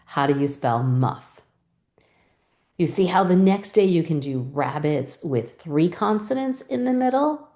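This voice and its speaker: A woman teacher explaining a reading lesson, calmly modeling teacher and student turns step by step. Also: low-pitched, reverberant. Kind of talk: instructional lesson.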